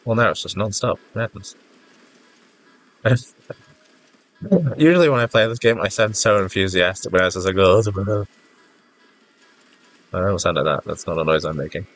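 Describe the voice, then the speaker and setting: A gaming YouTuber with a deep, stuffy voice and a fairly bright tone talks briskly, though he takes long pauses. The casual commentary is rambling and self-mocking, and he's easily flustered. Game music plays faintly behind.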